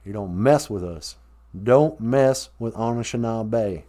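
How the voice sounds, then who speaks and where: A man putting on a Southern US accent for a slow, tough-talking warning. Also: fairly low pitch, mellow. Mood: mock-tough.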